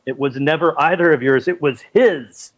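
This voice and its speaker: A man playing a sly graveyard keeper in an improv scene, speaking in a low deadpan way. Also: normal speed, close to an everyday voice. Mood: accusing.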